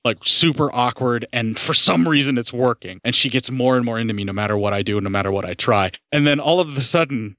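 Man, podcast storyteller, mid pitch, dry close sound, casual, swears a lot, lots of "like". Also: a bit bright, no echo. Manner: rambling anecdote full of "like" and swearing, acting out quotes. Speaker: podcast co-host.

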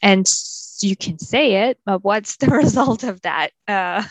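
A woman co-hosts a casual legal podcast, walking her co-hosts through a point of law with a playful, teasing edge. Her voice sits at a middle pitch. The sound is dry and close, with no room around it. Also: animated, a little slow, no room sound, poor audio. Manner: playful, teasing while explaining. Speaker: podcast co-host.

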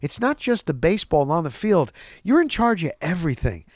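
A man hosting a talk show, telling a casual, animated story with a rambling delivery and quotes he acts out. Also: fairly high pitch, a little fast, dry recording, clean studio sound.

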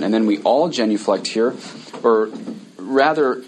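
Low-voiced priest teaching a class. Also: male voice, animated, a little slow, a little mellow, a little hiss or hum, low-quality recording. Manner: explains step by step, reciting prayers then commenting.

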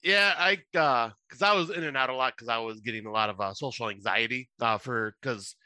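A man co-hosts a casual podcast with a very bright, forward tone, recorded close and dry. He rambles easily through his stories, filling gaps with "uh" and "like.". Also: mid-range voice, brisk, no echo. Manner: rambling, easygoing storyteller, full of "uh" and "like". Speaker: podcast co-host.

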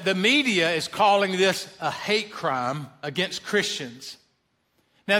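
Bright-voiced man preaching slowly. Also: high voice. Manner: emphatic preaching, rising on questions and quotes. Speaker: pastor. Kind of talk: sermon.

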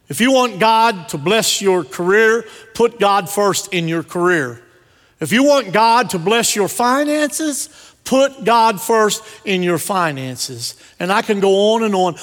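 A man with a somewhat high voice preaches in a church, hammering each point home with repeated phrases. His voice rings out with a long hall reverb around him. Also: vocal fry, a bit bright. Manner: repetitive emphatic preaching cadence. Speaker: pastor. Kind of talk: sermon with storytelling. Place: church sanctuary.

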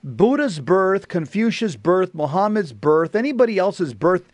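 Male co-host, slightly high voice, forceful preacher's delivery, dry studio mic. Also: big pitch swings, measured pace, dry recording. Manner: emphatic and preaching. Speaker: radio co-host. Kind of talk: casual radio talk.

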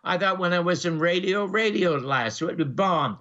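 A man's voice: high voice, animated, normal speed, pushed and bright. A man quoting an older wisecracking male comedian with wry quips, in a dull lo-fi recording.

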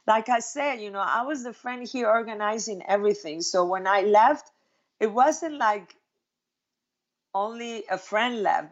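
A woman's voice: mid-range voice, moderate pace, lo-fi sound. A woman from Mexico, a guest telling her life story and acting out what her friends said. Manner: animated, acts out quoted friends in livelier tones. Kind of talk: personal storytelling in conversation.

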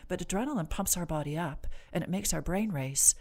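A woman clinician, a guest on the podcast, explaining stress and sleep in a measured, reassuring, gently instructive way. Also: lowish voice, lively intonation. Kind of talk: calm explanatory interview talk.

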